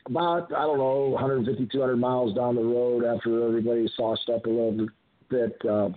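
A man's voice: medium pitch, steady tone, brisk, a little hiss or hum. An older man, a retired wrestler, telling rambling stories as a guest in a phone interview, often restarting his sentences. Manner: rambling anecdotes with frequent restarts. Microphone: telephone. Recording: tinny phone line.

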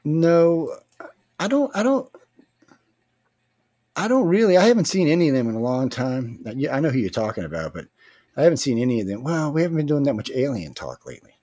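A man's voice: mid-range voice, big pitch swings, fast, warm tone, no room sound, studio quality. Joking, chatty man with a Louisiana accent. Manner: loose, joking, chatty with laughter. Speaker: podcast host. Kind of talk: casual livestream chat.

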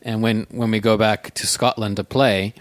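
A man's voice: fairly low pitch, level tone, normal speed, no echo. A man from South Africa co-hosting a band podcast in casual chat, with a wry, dry sense of humor. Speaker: podcast co-host, band member.

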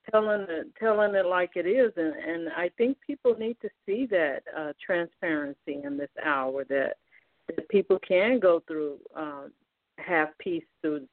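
A woman host and minister interviewing a guest on a faith talk show, affirming and asking slow-building questions. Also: on the low side, no echo. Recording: dry, tinny phone line.

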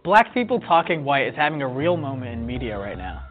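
In a wry, playful tone, a male video narrator delivers a scripted documentary segment. His medium-pitched voice swings widely in pitch at a brisk pace, and the clip is tinny and lo-fi with faint music behind him.

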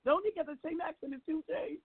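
A man hosting a live radio show in casual chat, halting with many fillers and restarts. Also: extremely high pitch, expressive, vocal fry, no echo. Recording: phone-like narrow sound.

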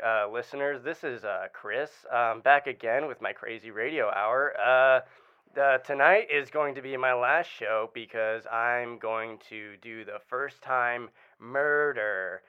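A man's voice: mid-range voice, clean tone, narrow, tinny audio, close to an everyday voice. A man playing a scheming radio show host who rambles in a mock-sinister way.

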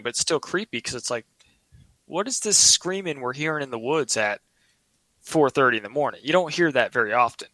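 Guy telling a story, bright tense voice, dry close sound, keeps restarting himself. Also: medium pitch, dry recording, rough recording. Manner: earnest, rambling, with frequent restarts. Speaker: guest telling a personal story. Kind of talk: casual storytelling.

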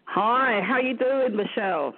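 A woman's voice: fairly high pitch, expressive, a little slow, heavy background noise. A woman from London with a London accent, a business mentor guest chatting in a playful, upbeat way. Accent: London English. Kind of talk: casual chat. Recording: tinny phone line.

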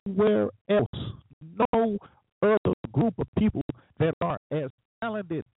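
A man's voice: high-pitched, animated, takes it slowly, no echo. A man hosting a talk show, delivering an opinionated monologue with sarcastic, preachy remarks and chuckling asides. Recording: tinny phone-like, dry.

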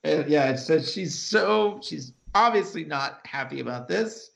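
A New man with a gravelly, bright voice and a slightly high pitch. He chats casually as a podcast co-host, animated and expressive, slipping into characters' voices as he recaps scenes. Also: unhurried. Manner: animated, acts out characters' lines while retelling scenes. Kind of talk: casual chat recapping a TV episode.

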